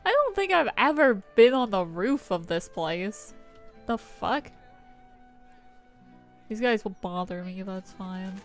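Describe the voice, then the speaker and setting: Giggly animated woman streamer. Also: medium pitch, slow pace, long pauses, soft background music. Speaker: game streamer. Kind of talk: casual let's-play commentary.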